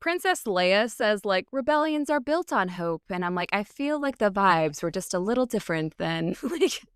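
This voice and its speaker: Woman cohost tossing in jokes, smooth clear voice, dry sound. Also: medium pitch, animated, moderate pace, no room sound. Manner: chimes in with quips and backchannel, laughs often. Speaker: podcast co-host. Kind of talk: casual book-discussion chat.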